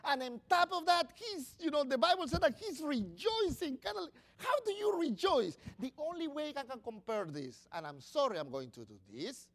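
A man preaching a sermon, swinging between loud bursts and quiet asides. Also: extremely high pitch, sing-song, normal speed, hardly any pauses. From Latin America.

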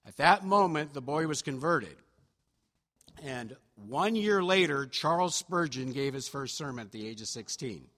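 Man, preacher, storytelling sermon, chatty, self-deprecating, bright tone, church reverb. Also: fairly high pitch, expressive, moderate pace. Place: church sanctuary.

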